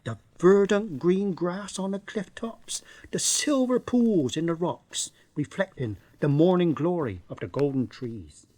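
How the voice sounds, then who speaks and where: A man's voice: on the high side, lively intonation, measured pace, hardly any pauses, warm tone, dry recording. A man voicing a pompous older man with a West Country accent, grandiose and flowery in his talk. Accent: West Country English.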